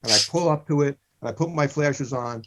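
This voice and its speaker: Slightly high and a bit fast, this man's voice belongs to a comedy podcast co-host in his sixties who rambles through humorous stories. He repeats himself and keeps saying "listen." Background noise sits under a muffled, lo-fi recording.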